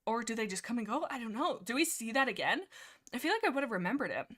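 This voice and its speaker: A young woman hosting a livestream, chatting excitably about books with lots of fillers and restarts. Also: a little high, quick pace. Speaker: livestream host. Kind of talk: casual rambling book discussion.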